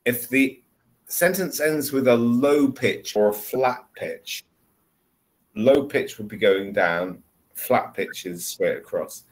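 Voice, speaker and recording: A man's voice: medium pitch, lively intonation, slow, low-quality recording. A man tutoring English one-on-one over a video call, explaining patiently with repeated examples. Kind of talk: one-on-one online English lesson.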